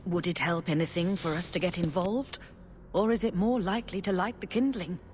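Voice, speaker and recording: A woman voicing a serene older female church leader in a video game, with a calm, measured, sermonizing delivery. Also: fairly low pitch, slight background noise, close to an everyday voice. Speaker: grand cleric.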